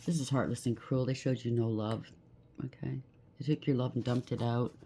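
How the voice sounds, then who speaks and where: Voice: mid-range voice, steady tone, normal speed, noisy background. A tarot reader giving a collective reading, blunt and emphatic, rattling off lists of traits and often checking in with "okay?".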